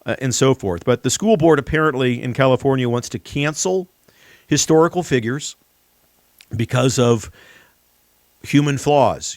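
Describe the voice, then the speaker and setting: An emphatic man hosts a political commentary show and often turns to the audience as he speaks. His voice sits in a middle pitch. The sound is dry and close to the mic. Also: lively intonation, normal speed, no room sound. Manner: emphatic, repeatedly addresses "ladies and gentlemen". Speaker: talk show host.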